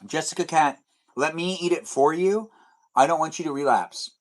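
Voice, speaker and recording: In a slightly high voice at a moderate pace, this young host rambles through chat messages, answering them aloud on a casual livestream. He's at home, with a TV playing behind him.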